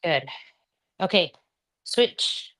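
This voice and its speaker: A woman's voice: fairly low pitch, lively intonation, drawn-out words, a bit bright. A woman leading a live home workout class, counting reps and cueing breaths in a chatty way, with asides to her dog. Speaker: fitness instructor.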